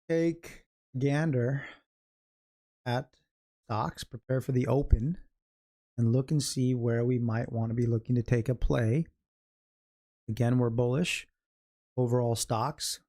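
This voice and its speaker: A man's voice: mid-range voice, dark tone. A middle-aged American man from California, talking casually on a trading livestream. He chats loosely and jokes as he goes, wanders off into stories, and chuckles at his own asides. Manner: chatty, jokey storyteller, laughs at own stories. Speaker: day-trading livestream host.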